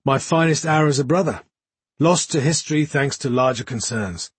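A man's voice: medium pitch, normal speed, breathy edge, no echo. A man doing a jaunty, boastful young warrior monk. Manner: jaunty, grinning, storytelling swagger.

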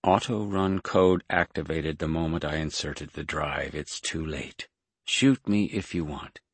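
A man's voice: extremely low pitch, measured pace, husky, dry recording, full character voice. A man voicing a vengeful possessor who gloats and mocks with triumphant spite. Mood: gloating. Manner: mocking, triumphant. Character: Jason, a vengeful, gleeful man possessing another's body.

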